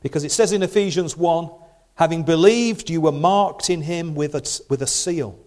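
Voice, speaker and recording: A middle-aged preacher delivers his sermon in a chatty, conversational way, pausing to ask his listeners rhetorical questions. His voice sits slightly on the high side for a man. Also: darkish tone.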